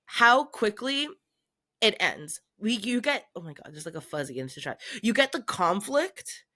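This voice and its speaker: A woman co-hosts a laid-back book podcast, talking plainly and agreeing along with her partner. Her voice sits at a typical pitch for a woman, with nothing pushed. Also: normal speed. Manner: relaxed, conversational, frequent agreeing murmurs. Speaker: podcast co-host. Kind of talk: casual book discussion.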